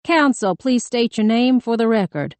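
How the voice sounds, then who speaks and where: A brisk female court clerk, read by a woman narrator, announcing in a formal, raised tone. The voice is mellow, with a dry close recording. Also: a little high, expressive, clean tone, no room sound, pitched above the performer's own voice, close to an everyday voice.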